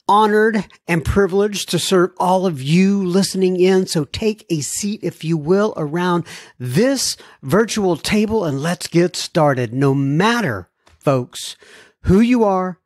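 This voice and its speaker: A man with a slightly high voice hosts a recovery podcast, chatting casually and poking fun at himself, often laughing as he talks. The sound is studio quality with no echo.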